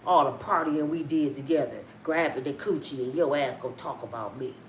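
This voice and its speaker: A woman putting on an older male president who grumbles at a former friend in a low, mumbling voice. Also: fairly quick, reverberant, slight background noise, lightly acted. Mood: aggrieved.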